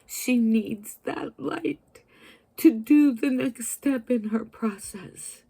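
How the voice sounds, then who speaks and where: A woman in her fifties speaks slowly and deliberately, her voice mellow and warm. As a vlogger, she talks directly to her viewers with an earnest, emotional sincerity and an unhurried pace. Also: a little high, creaky, husky. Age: 50s. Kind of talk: heartfelt spiritual talk to camera.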